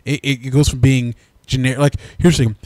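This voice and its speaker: A man's voice: medium pitch, fairly quick, no room sound. A man co-hosting a casual movie review, talking with animation and breaking into exaggerated mocking voices. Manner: animated, mocks dialogue in exaggerated put-on voices.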